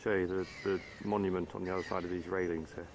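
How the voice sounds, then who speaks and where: Offhand man with a low voice. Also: level tone, fast talker, noisy background. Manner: offhand, hesitant, with repeated words. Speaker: traveler filming a video diary. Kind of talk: casual travel commentary. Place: outdoors in a town, by a river.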